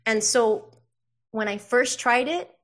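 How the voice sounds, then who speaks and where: Animated New woman in her forties. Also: on the high side, takes it slowly. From the Bronx, New York. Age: 40s. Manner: animated, acts out quoted dialogue, frequent "like". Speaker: podcast guest. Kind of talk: personal storytelling in conversation.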